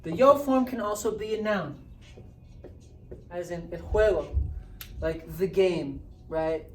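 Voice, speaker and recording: Woman teacher going slow through a grammar lesson, lowish voice, faint hiss behind. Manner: patient, explaining step by step, checks in with "right?". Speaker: Spanish teacher. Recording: roomy echo, distant mic, faint hiss.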